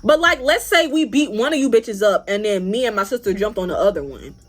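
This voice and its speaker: A young woman telling a story to her vlog audience in an animated, profane, casual way. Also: mid-range voice, fairly quick. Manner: animated, profane, acts out other people's lines. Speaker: vlogger.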